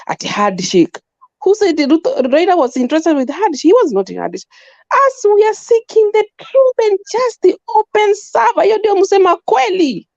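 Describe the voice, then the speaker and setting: High-voiced emphatic Kenyan woman. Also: darkish tone, dry recording, muffled recording. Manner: emphatic, repetitive, mixes in Swahili. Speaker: panel guest. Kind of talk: impassioned political opinion.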